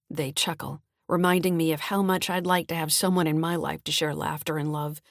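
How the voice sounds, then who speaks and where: A woman, the author, calmly narrating her mystery thriller audiobook. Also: deep voice, fairly quick, few pauses, no echo, clean studio sound.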